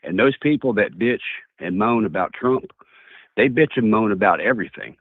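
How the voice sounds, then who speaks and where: Male caller, low-voiced and folksy, on a thin, dry phone line. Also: expressive, normal speed, no echo. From Tennessee, USA. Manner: folksy and emphatic, repeats himself.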